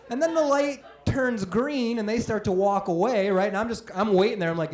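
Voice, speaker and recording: A stand-up comedian in his forties telling a self-deprecating story on a comedy club stage, breaking into sudden loud outbursts. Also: sits high, a little fast, few pauses. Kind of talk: live stand-up set. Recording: roomy live club sound. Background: audience laughter.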